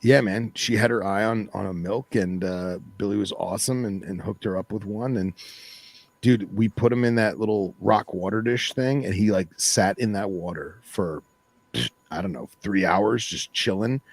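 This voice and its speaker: A man's voice: fairly low pitch, moderate pace, creaky, no room sound. A man co-hosting a podcast in laid-back, enthusiastic casual chat. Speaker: podcast co-host.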